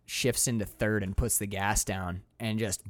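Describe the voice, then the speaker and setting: A man hosting a casual chat about a film, excitable and swearing freely as he acts out scenes. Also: on the low side, normal speed.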